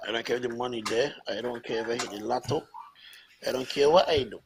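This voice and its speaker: A man's voice: medium pitch, fairly even intonation, fast, creaky, a little hiss or hum. A man chatting casually on a podcast, reflective and agreeable. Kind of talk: casual chat.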